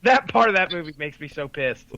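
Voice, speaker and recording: A man's voice: high voice, big pitch swings, fairly quick, lo-fi sound, a crowd in the background. A man co-hosting a podcast, chatting casually in a rambling way as he retells a plot, swearing and laughing freely. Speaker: podcast co-host. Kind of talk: casual chat.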